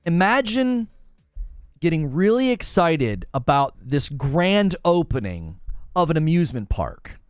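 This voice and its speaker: A man's voice: a little high, very animated, unhurried, smooth, dry recording, studio quality, soft background music. A young man from Northern Ohio, a gaming streamer, chatting casually with his live chat, teasing viewers and laughing often.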